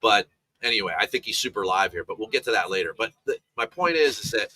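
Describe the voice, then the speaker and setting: A man with a bright, forceful voice talks through golf betting picks in a loose, casual chat. He rambles into side stories, restarting sentences and piling on asides as he goes. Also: fairly low pitch, lively intonation, fast, slightly rough.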